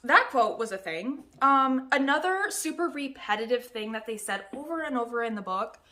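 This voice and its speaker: A young woman talks straight to her viewers in a casual book review, animated and openly exasperated, breaking into laughter. Her voice sits a little high and rings bright and forceful. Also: normal speed.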